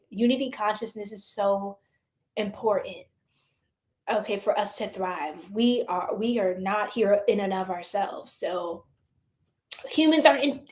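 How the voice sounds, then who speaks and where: A woman with an American lilt hosting a tarot livestream, chatting casually with her viewers, laughing often and swearing freely. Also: fairly high pitch. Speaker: tarot reader livestream host.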